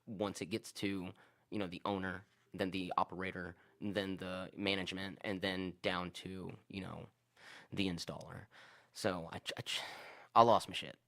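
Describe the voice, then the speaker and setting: Low gravelly guy venting about a work fight, lots of cussing and stumbling restarts. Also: fairly bright tone. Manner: profane, repetitive storytelling with restarts. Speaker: fire alarm installer. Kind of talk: casual ranting vlog.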